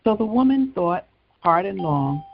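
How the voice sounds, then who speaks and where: Slow, gravelly male talk host. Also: high voice, animated, narrow, tinny audio. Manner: conversational storytelling, frequent asides. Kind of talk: gospel talk show monologue.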